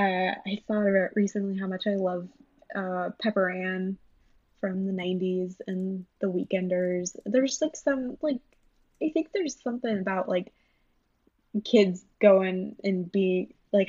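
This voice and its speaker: A woman's voice: mid-range voice, darkish tone, no room sound, lo-fi sound. A young woman chatting as a guest in an interview, rambling with lots of fillers and frequent laughs. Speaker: guest, animation writer and storyboard artist. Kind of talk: casual interview chat.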